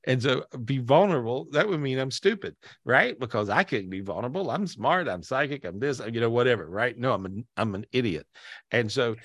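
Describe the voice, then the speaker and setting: A man's voice: medium pitch, lively intonation, a little fast, fairly bright tone, dry recording, studio quality. Teary, rambling man hosting over video call. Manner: rambling, repeats himself, emotional. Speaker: host. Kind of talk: live video-call podcast chat.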